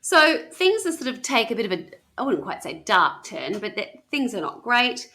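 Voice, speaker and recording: A woman's voice: fairly high pitch, big pitch swings, moderate pace, bright, forceful tone. Woman co-host, chatty true-crime teller who laughs at her own slips. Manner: chatty storyteller, self-mocking, laughs often. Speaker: podcast co-host. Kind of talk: casual chat.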